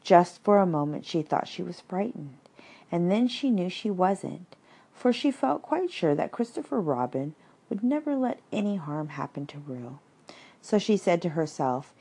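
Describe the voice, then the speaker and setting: A woman reading a children's story aloud, unhurried, with asides to the listener. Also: lowish voice, lively intonation, dark tone, slightly rough.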